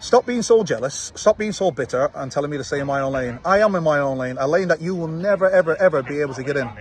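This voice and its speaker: Confrontational Manchester man, higher-pitched. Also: animated, fast. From Manchester, England. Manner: confrontational, with taunting tags like "yeah?". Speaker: fight promoter. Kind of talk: direct-to-camera reply video. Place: outdoors, watching football.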